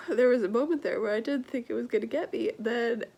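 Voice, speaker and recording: A young woman chatting casually in a book vlog, stuffy-nosed from crying, emotional and laughing often, sometimes dropping to a soft whisper. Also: a little high, normal speed, vocal fry. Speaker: book vlogger.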